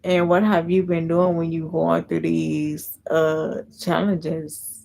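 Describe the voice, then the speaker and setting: Low, gravelly woman chatting on a live stream. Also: flat delivery, slow, a little mellow, low-quality recording. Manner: chatty, reads and answers viewer comments. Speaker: livestream host. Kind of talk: casual livestream chat.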